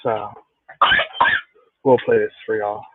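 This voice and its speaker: A man's voice: fairly low pitch, level tone, slow. A man co-hosting a show review, giving his opinions in casual chat and repeating points for emphasis. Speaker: podcast co-host. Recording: tinny phone-like line with faint hiss.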